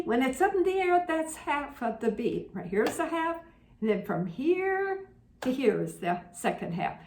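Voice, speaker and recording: A woman's voice: on the high side, expressive, a little slow, a little mellow. A woman teaching a children's music lesson, chanting rhythm syllables and coaxing her young audience to clap and repeat after her. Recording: echoey room with background noise.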